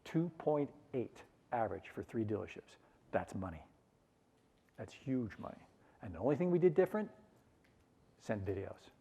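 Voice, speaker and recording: A middle-aged man leading a sales seminar, energetic and coaxing the audience to repeat phrases after him. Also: fairly low pitch, normal speed, creaky, long pauses, slightly rough. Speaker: sales trainer. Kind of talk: conference seminar talk.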